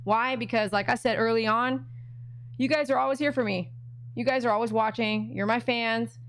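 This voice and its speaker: A middle-aged woman hosts a casual live-stream auction from her home. Her voice sits a little high, and she chats freely with viewers and her dogs between items. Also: steady tone, normal speed, fairly bright tone.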